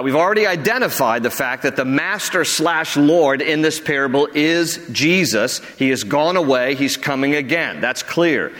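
A man preaching a sermon as pastor, earnest and conversational, dropping low for emphasis. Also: fairly bright tone, big-room sound.

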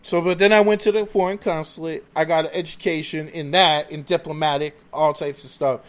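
A man's voice: a little high, a little fast. A man hosting a podcast, telling rambling, profane stories in casual chat. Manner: profane, rambling, animated storytelling. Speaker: podcast host.

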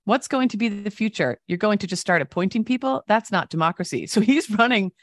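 A woman co-hosting a casual talk show, telling stories and reading news with lively voiced quotes. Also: mid-range voice, fairly quick, no room sound. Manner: animated storytelling with voiced quotes. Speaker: co-host.

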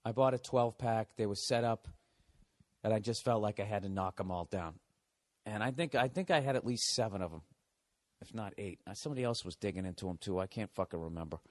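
A man's voice: lowish voice, brisk, no echo. Middle-aged man podcast host, swearing, ranting, rambling monologue. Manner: profane, ranting.

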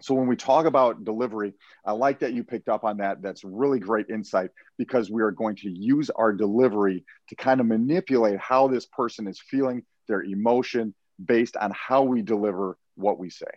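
A man who works as a hostage negotiator, explaining his methods in a measured way in an interview, often repeating words as he starts a phrase. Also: fairly low pitch, a little mellow, no room sound, dull audio. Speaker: hostage negotiator and professional speaker. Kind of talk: podcast interview.

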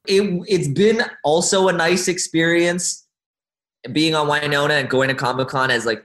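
A young man, an actor and guest, telling stories in a lively, animated way in a casual interview and laughing often. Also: medium pitch, roomy sound, poor audio.

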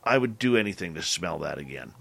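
A man with a lowish voice and a forceful, bright edge to it. He hosts a relaxed interview chat, telling personal stories in an earnest, halting way with frequent restarts. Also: vocal fry. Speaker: podcast host.

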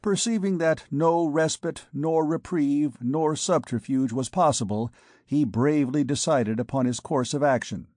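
A man reading a classic novel aloud as an audiobook narrator, in a steady, measured way. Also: fairly high pitch, dry recording, studio quality. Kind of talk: scripted narration.

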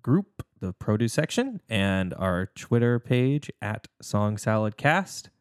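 A man's voice: on the low side, very animated, slow, smooth, no room sound, clean studio sound. A man co-hosting a podcast in casual chat, easygoing and joking. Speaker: podcast co-host.

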